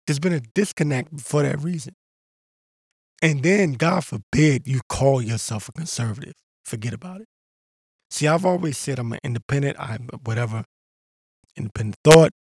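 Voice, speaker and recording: Man, podcast host, combative rant, husky rasp. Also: a little high, no echo, studio quality. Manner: ranting, combative, mocking impressions. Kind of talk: casual monologue.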